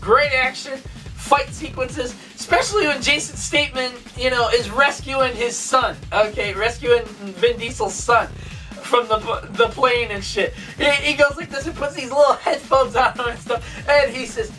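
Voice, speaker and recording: A woman giving a casual movie review, retelling scenes excitedly with swearing, sound effects and laughter. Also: sits high, a little slow, far from the mic, soft background music, poor audio.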